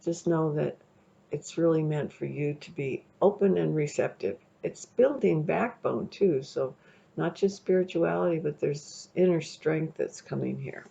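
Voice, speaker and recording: Chatty tarot reader, woman, gravelly low-fi sound, loose rambling delivery. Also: measured pace, warm tone. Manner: chatty, rambling, checks in with "okay?". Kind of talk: casual tarot reading to camera. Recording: dull lo-fi recording.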